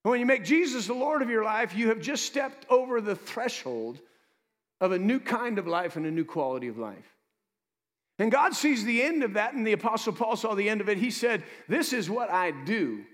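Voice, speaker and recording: A pastor preaches in a high, lively voice that rises and falls. His sermon rings out with a long reverb through a church hall. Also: moderate pace. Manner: lively preaching with asides to the congregation.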